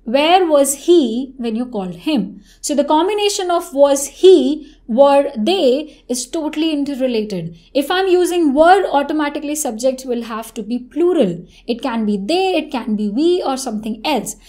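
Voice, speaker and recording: A woman's voice: high voice, expressive, normal speed, hardly any pauses, mellow. A woman teaching an English lesson, explaining step by step, checking in with "right?" and showing rising and falling intonation.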